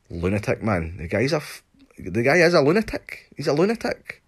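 A man's voice: medium pitch, wildly swooping pitch, a little fast, slightly rough. A Scottish man ranting in a casual monologue, sweary and sarcastic, mocking people with put-on voices.

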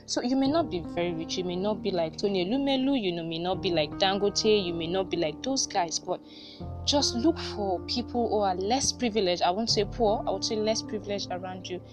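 A woman giving a casual, inspirational talk to a faith group, telling a story in an animated way and laughing often. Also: medium pitch. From Nigeria. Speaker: vlogger addressing a faith group.

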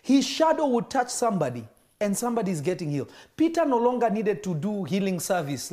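Preacher guy, super lively voice, swings up and down, acts out the people in his sermon. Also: sits high, a little fast. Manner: animated, acts out dialogue in varied voices.

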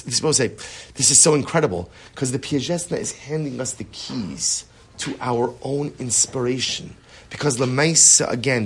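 A man teaching a Torah class, animated and rhetorical, often checking in with the listeners. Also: medium pitch, slight background noise.

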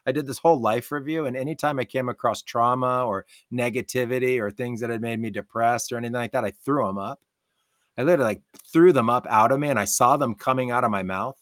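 A man, a podcast guest, telling a personal story in an animated, excitable way, peppering it with "like.". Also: medium pitch, fast, dry recording, clean studio sound. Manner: excitable, repeats "like" often.

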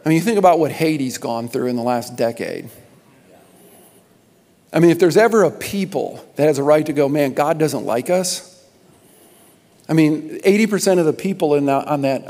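Impassioned pastor in a reverberant hall. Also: male voice, fairly high pitch. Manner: impassioned, repeats words, rises to loud emphasis. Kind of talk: sermon announcements to a congregation. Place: large church sanctuary.

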